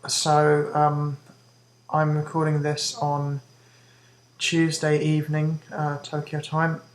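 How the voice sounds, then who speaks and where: A woman's voice: low voice, monotone, rough recording. A woman hiccuping as she talks to camera in a hesitant vlog update, with many ums and restarts. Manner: talks fast. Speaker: vlogger giving a health update. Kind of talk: casual talk to camera.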